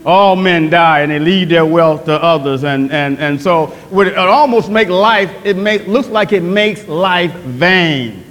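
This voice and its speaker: A man preaching a sermon to his congregation. He speaks fervently, asks them questions, repeats his words and builds to shouts. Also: a little high, unhurried, hardly any pauses, big-room sound. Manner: talks straight to the congregation with questions. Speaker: pastor. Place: church sanctuary.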